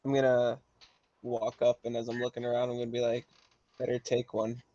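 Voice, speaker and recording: A man's voice: mid-range voice, monotone, quick pace, warm tone, dry recording, muffled recording. A man playing a tabletop game, chatting casually with the group. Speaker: player.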